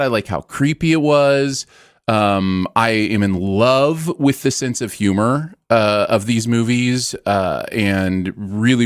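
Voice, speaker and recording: A man's voice: on the low side, clear, resonant tone, no echo, studio quality. A man hosting a movie review podcast, chatting casually in an enthusiastic, playful way. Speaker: podcast host.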